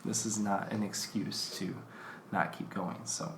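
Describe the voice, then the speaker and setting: A man's voice: on the low side, little pitch movement, unhurried, fairly bright tone, roomy sound, slight background noise. A man hosting a podcast in a casual chat, his voice nasal and congested from allergies. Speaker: podcast host.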